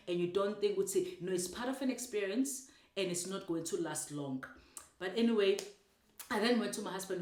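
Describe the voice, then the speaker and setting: A woman's voice: on the low side, darkish tone, reverberant. A woman with a South African accent telling a personal story of faith, emotional and repeating herself often. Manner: emotional, repetitive, mixing in isiZulu words. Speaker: speaker sharing a personal story. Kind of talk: personal testimony.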